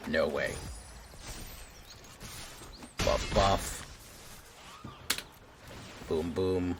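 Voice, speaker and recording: A man streaming a card game, casually muttering his plays aloud with quick exclamations. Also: low-pitched, background noise. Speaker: gaming streamer. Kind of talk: casual gameplay commentary.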